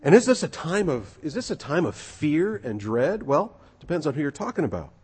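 Husky, animated preacher in an echoing hall. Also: male voice, a little high, moderate pace. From United States. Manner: animated, emphatic, conversational preaching. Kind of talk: sermon. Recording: long reverb of a large hall.

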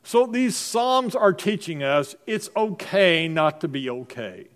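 A man's voice: sits high, big pitch swings, slow pace. A middle-aged man preaching a sermon as pastor, in a conversational style full of rhetorical questions to the congregation.

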